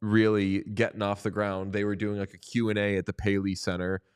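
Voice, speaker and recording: A man's voice: lowish voice, level tone, brisk, clean tone. A man co-hosting a casual hockey watchalong, joking around and telling stories. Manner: joking, storytelling, tries mock accents. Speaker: podcast co-host.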